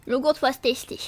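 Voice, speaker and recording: A woman streamer with a very high voice chats to her viewers in a casual live stream. She talks slowly and giggles often, apologizing and stumbling over fillers as she eats and drinks between sentences. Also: darkish tone. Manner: talks while eating and drinking.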